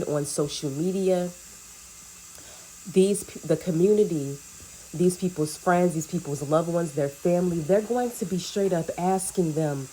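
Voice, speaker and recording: A woman's voice: on the low side, mellow, slight background noise. A woman reading a spiritual message to her viewers, talking earnestly and repeating rhetorical questions. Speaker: spiritual reader.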